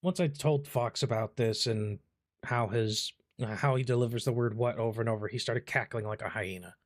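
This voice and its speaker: A man's voice: mid-range voice, moderate pace. A man casually commenting on his gameplay, swearing often and telling stories with lots of energy. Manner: profane, animated storytelling. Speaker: gaming streamer.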